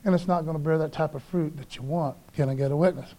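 Guy preaching in church, kinda high voice, super casual and lively. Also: fast talker. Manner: casual, animated preaching, calls listeners "man". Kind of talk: sermon.

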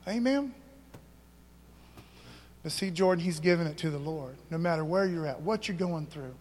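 High-voiced preacher man in a reverberant church. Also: animated, normal speed, long pauses, darkish tone. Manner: casual, conversational preaching with slang and rhetorical questions. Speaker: pastor. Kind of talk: sermon. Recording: long hall reverb.

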